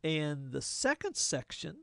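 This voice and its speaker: A man teaching a lesson on poetic form in a deliberate, plain-spoken way, with folksy asides. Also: fairly high pitch, big pitch swings, creaky, bright, forceful tone, dry recording, clean studio sound. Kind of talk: lecture explaining poetic form.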